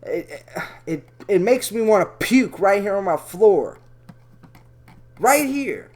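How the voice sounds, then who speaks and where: Profane ranting man, lively pitch. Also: slow pace. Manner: ranting, profane, rambling with self-corrections. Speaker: commentator. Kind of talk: profane commentary reading out chat logs.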